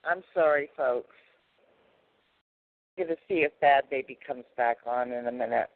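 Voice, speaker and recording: A man calling in to a talk radio show to recite a poem, soft-spoken and apologetic. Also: medium pitch, moderate pace, no room sound. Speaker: regular caller and poet. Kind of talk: casual call-in radio chat. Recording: tinny dry phone line.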